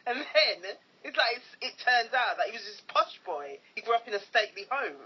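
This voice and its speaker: A woman's voice: a little high, big pitch swings, a little fast, slightly rough. A woman co-hosting a podcast in casual chat, teasing and laughing often. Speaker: podcast co-host. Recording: dull lo-fi podcast recording.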